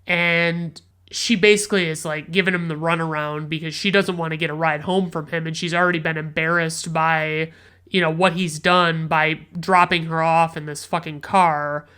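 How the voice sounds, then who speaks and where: A man's voice: a little high, flat delivery, moderate pace, pushed and bright, clear, resonant tone. A man hosting a podcast, casually recapping a film in a rambling, profane, enthusiastic way. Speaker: podcast host, film reviewer.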